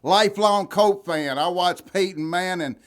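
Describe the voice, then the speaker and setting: A man co-hosting a sports podcast, teasing and needling his partner, with bursts of loud ribbing. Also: high voice, measured pace. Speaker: podcast co-host. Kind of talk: casual sports banter.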